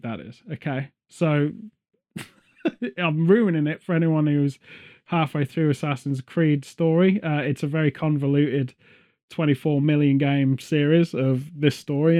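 A man in casual chat as a podcast co-host, ranting sarcastically and telling animated stories. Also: a little high, moderate pace.

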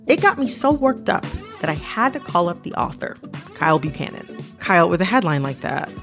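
A woman hosts a radio talk show, her voice gravelly and fairly low. Her delivery is lively and incredulous, with a lot of movement in pitch. Soft music sits behind her. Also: a little fast. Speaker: host.

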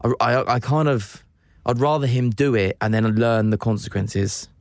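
A man's voice: mid-range voice, moderate pace, no room sound. A man in his thirties chatting casually as a co-host, telling stories and acting out the people in them. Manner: animated storyteller, acts out quotes. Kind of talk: casual chat.

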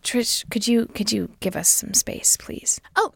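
A woman's voice: mid-range voice, unhurried, creaky, husky, no echo, studio quality. A woman improvising a comedy scene, talking in a chatty, flustered way as she switches between characters. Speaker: comedy podcast co-host.

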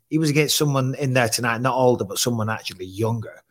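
Animated man hosting a fight show. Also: medium pitch, fast talker. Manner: animated, emphatic, repeats words. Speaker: podcast host. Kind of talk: casual fight-talk chat.

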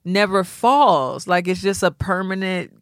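A woman co-hosting a podcast in casual chat, playful and quick with asides, then thinking aloud with restarts. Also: on the low side, animated, no room sound, clean studio sound. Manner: playful, quick asides, sings snatches of a theme song. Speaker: podcast co-host.

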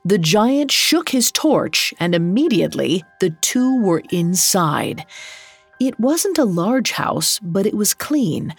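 Woman, storybook narration, measured, gently dramatic, slow, faint music behind. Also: mid-range voice.

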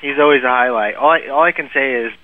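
Man, lively storyteller, laughs a lot, restarts sentences, narrow phone-like sound, dry. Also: medium pitch, fast talker, no echo. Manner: animated anecdote-telling, laughs often, frequent restarts. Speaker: guest storyteller. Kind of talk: casual podcast chat.

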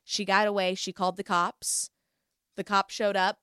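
Hosting a casual chat, a young woman tells a long, lively story and slips into quoted voices along the way. Her medium-pitched voice is bright and forceful, smooth and crisp, at a normal pace. The recording is dry and close, with no room sound.

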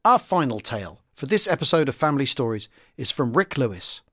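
A man hosting a podcast, reading a listener's story and sign-off in a lively, expressive way. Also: mid-range voice, a little fast, soft background music. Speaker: podcast host.

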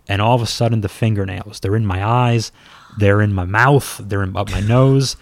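A former pro wrestler tells a story in a lively, casual, self-mocking way, throwing in some swearing. His voice sits on the low side and moves at a normal pace, with no room sound in the recording.

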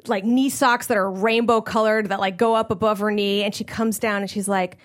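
A woman telling a comedic personal story in an animated way, acting out the voices of the people in it. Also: medium pitch, a little fast. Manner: animated, acts out quoted voices.

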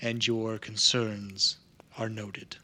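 A man voicing a proud, formal non-human crafter in a tabletop game, speaking slowly and with measured care. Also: lowish voice, little pitch movement, bright, forceful tone, heavily acted.

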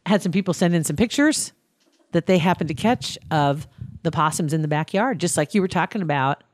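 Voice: mid-range voice, animated, brisk, no echo, studio quality. A podcast host from Nebraska, chatting casually and laughing often while reading listener mail. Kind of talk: casual chat.

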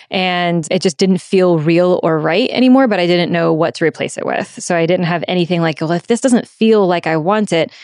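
With a lowish, darkish voice, a thirty-something American woman talks candidly as an interview guest about her work as a sex and relationship coach. She is reflective and often starts sentences over; the studio sound is clean and echo-free.

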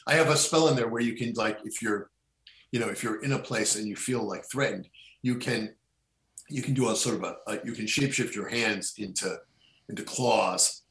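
A man's voice: on the low side, normal speed, vocal fry, a bit bright. A middle-aged man talking casually as a podcast guest, rambling with many restarts and fillers. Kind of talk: casual conversation. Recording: echoey room.

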